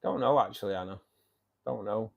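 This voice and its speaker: On a lo-fi recording, a man in his fifties with a Mancunian accent briskly chats with his fishkeeping livestream viewers, his lowish voice carrying vocal fry. He's from Manchester and matey, keeping up a steady stream of "mate".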